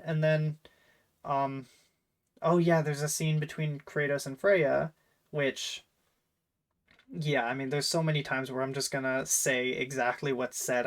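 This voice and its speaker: A man's voice: medium pitch, low-quality recording. A man hosting a casual chat, rambling and enthusiastic, full of fillers and restarts. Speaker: host.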